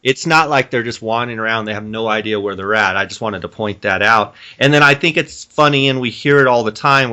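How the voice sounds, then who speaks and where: A man's voice: on the low side, clear, resonant tone. A man hosting an outdoors podcast, chatting casually and recapping things for listeners. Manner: relaxed, conversational, recaps for listeners. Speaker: podcast host. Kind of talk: casual interview chat.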